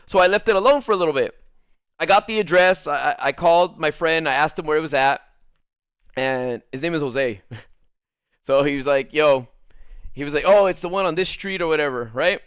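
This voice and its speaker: Chatty young man with a smooth voice. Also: a little high, fairly quick, dry recording, studio quality. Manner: rambling, animated, full of "like" fillers. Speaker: livestreamer. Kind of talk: casual storytelling to chat.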